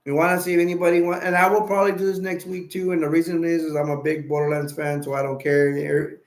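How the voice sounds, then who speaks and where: A man's voice: on the high side, flat delivery, quick pace. A man hosting a casual livestream chat, rambling and playful and laughing easily as he reads viewer comments. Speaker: livestream host. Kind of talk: casual live stream chat.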